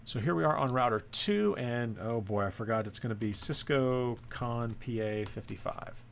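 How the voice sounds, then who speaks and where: A man's voice: mid-range voice, lively intonation, moderate pace, creaky, a little hiss or hum. A man teaching a screen-recorded networking lesson, thinking aloud and often checking in with "right?". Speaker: course instructor.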